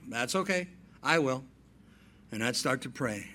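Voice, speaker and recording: A man in his fifties preaching a sermon as pastor, telling family stories, dropping into quiet asides and rising into emphatic points. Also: mid-range voice, expressive, measured pace. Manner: storytelling preacher, swings between soft asides and emphatic raised points.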